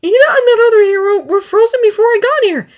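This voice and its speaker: A woman's voice: extremely high pitch, expressive, quick pace, voice pushed up. A woman voicing an earnest teenage boy hero who speaks in urgent, breathless outbursts. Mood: puzzled.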